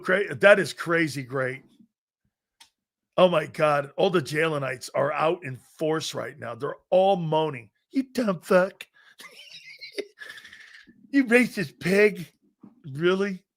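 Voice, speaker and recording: A man's voice: a little high, a bit bright. A middle-aged man hosting a live sports talk show, brash and profane, rambling through chat comments and laughing often.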